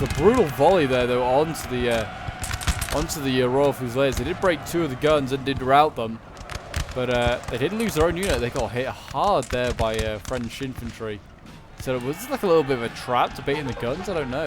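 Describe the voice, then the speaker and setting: A man giving relaxed, unscripted commentary on a strategy game battle, thinking aloud with frequent pauses. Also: mid-range voice, noisy background.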